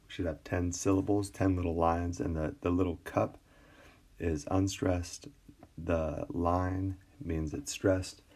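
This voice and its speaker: A man teaching an English class in a screencast lecture, relaxed and full of fillers and restarts. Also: low-pitched. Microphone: tablet recording.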